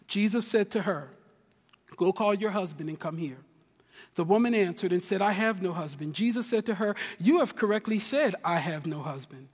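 A man from New Jersey preaching a sermon as pastor, animated and swinging between loud and hushed, with humorous asides. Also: high-pitched. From New Jersey, USA. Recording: long reverb of a large hall.

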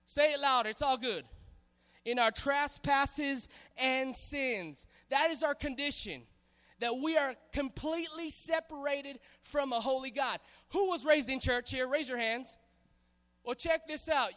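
High bright-voiced preacher from Hawaii. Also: male voice, unhurried. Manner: animated, playful, calls on the congregation. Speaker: pastor. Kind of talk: sermon. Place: church hall. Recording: hall reverb.

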